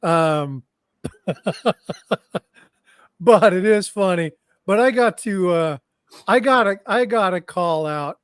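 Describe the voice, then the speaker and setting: A man hosts a live stream chat, laughing easily and reacting to comments as they come in. His voice sits a little high and he speaks slowly, recorded close and dry with no room sound. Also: expressive, clean tone, no room sound. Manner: giggly, laughs often, reads chat comments.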